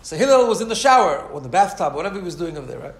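A man's voice: sits high, very animated, rapid-fire, echoey room. Man giving a chatty Torah class. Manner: conversational, keeps asking "right?", acts out quoted voices. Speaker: rabbi teaching a class. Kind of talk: Torah lecture.

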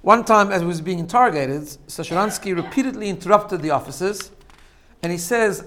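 This man, a religious teacher, has a high, somewhat bright voice and speaks expressively and fairly quickly. His informal sermon is built on stories, frequent "right?" check-ins with listeners, and laughter at his own jokes.

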